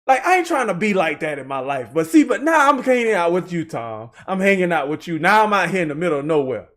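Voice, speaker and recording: Animated high-voiced male reaction host. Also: fast talker. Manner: animated, joking, rambling asides. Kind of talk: casual reaction commentary.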